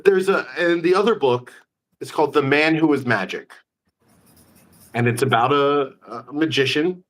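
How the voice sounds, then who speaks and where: A man hosting a casual live-stream interview, an animated storyteller full of quick asides. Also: on the high side. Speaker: magician, host.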